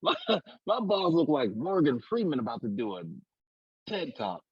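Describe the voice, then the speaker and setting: A man's voice: fairly high pitch, big pitch swings, moderate pace, slightly rough, no echo. A man in his forties, co-hosting a podcast in candid comedic chat, frank and profane, often laughing at his own jokes. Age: 40s. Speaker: podcast co-host. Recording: dull dry lo-fi recording.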